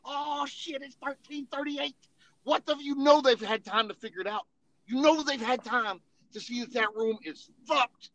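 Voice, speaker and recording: A man's voice: very high-pitched, moderate pace, fairly bright tone, no echo, poor audio. A man telling funny army stories in casual, profane storytelling, laughing and acting out voices as he goes. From Tennessee.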